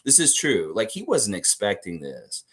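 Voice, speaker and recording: Low-voiced man hosting a fan livestream. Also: huge pitch swings, moderate pace, a bit bright, husky. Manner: talkative, acts out quoted people. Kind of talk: casual sports talk reacting to chat.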